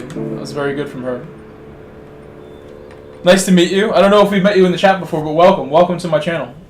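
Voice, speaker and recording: A man's voice: a little high, a little hiss or hum. A man streaming a racing game, chatting casually and encouraging his viewers. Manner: chatty, encouraging, talks to chat. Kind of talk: casual live-stream chat. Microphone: gaming headset. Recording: roomy sound with faint music.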